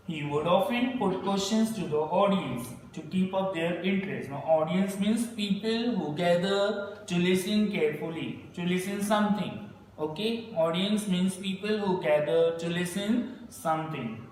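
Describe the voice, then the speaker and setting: Teacher reading a textbook aloud, echoey. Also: male voice, sits high, slight background noise. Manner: slow, deliberate reading with word explanations and repeated instructions. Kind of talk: classroom textbook reading lesson. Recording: echoey distant room recording.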